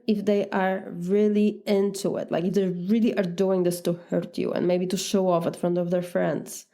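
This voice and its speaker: Polish-accented woman life coach, warm mellow tone, earnest and direct, mid pitch. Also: gravelly. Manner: earnest, direct, acts out sample dialogues. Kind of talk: coaching podcast talk.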